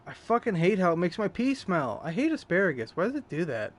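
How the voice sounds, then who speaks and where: A man's voice: sits high, sing-song, brisk. A young man streaming a game, rambling candidly and swearing freely as he tells stories. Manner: rambling, profane, candid storytelling. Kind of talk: live gameplay commentary. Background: loud game music.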